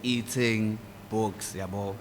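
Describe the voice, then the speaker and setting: A man's voice: on the low side, takes it slowly. Durban man telling stories, roomy hall. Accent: South African, Durban. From South Africa. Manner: relaxed, rambling, mixes in Zulu phrases and mimics voices. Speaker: guest musician. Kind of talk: casual interview storytelling. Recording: hall reverb with faint ambient noise.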